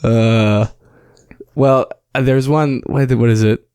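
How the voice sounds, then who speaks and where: A man's voice: mid-range voice, slow pace, smooth, no echo, studio quality. A man co-hosting a podcast, trading profane, joking stories in casual banter. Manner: profane, joking, animated storytelling. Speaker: podcast co-host. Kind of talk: crude comedic banter.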